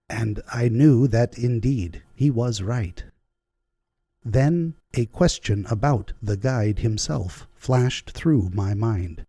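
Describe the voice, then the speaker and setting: Male audiobook narrator, unhurried, dark mellow tone, dry studio sound. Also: mid-range voice, husky, no room sound. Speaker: audiobook reader.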